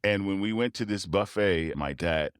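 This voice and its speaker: Deep low male voice, guest storyteller, animated, laughs a lot, dry close sound. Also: moderate pace, clear, resonant tone, no room sound. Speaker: guest, principal tuba player. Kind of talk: interview storytelling.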